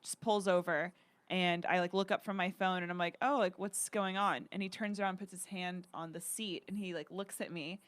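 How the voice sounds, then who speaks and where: A woman's voice: on the low side, little pitch movement, a little fast. A young woman co-hosting a comedy podcast, telling a story animatedly in casual chat and swearing a lot. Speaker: podcast co-host.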